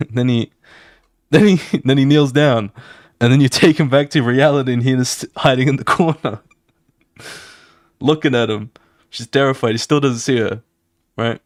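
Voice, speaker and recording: Casual male streamer, mid pitch, animated and swearing, dry recording. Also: no echo. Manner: animated, fast, swearing, sound effects. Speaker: artist streaming his drawing. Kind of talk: casual walkthrough of his comic pages.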